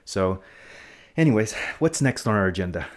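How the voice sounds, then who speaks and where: Man, podcast host, very low voice, playful, rambling explanations for kids. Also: very animated, normal speed, a little hiss or hum. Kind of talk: casual podcast chat.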